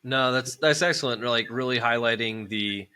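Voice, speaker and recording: A man hosting a podcast interview, enthusiastic and quick to laugh, asking questions with some restarts. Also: medium pitch, sharp tone, clear, resonant tone. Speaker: podcast host.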